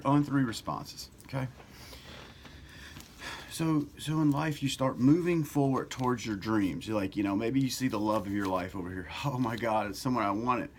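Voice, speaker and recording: A middle-aged man hosting a casual self-help talk, loose and conversational, who swears now and then and grows louder and more animated as he goes. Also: lowish voice, slight background noise. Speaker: self-help author and video host. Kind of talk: casual motivational talk to camera.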